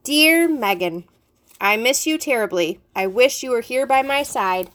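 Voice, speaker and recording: A woman's voice: on the high side, expressive, a little slow, fairly bright tone. A woman voicing a smug male middle-school teacher who mocks a student in a theatrical, teasing way. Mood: mocking.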